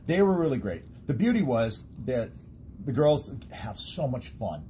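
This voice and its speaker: Animated, laughing man telling stories. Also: mid-range voice, unhurried, a little hiss or hum. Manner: laughing storyteller, animated, trailing restarts. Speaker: guest, stage sound and lighting technician. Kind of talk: casual chat.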